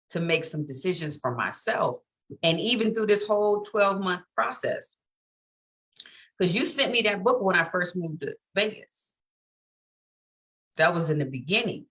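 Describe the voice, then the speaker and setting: Bright-voiced woman in candid chat. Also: fairly low pitch. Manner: candid, storytelling, laughs often. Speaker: co-host. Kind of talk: casual chat.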